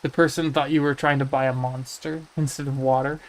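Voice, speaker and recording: A man from the United States talks casually on a game livestream in a mid-range voice, brisk and flat in delivery. He muses as he answers messages from chat.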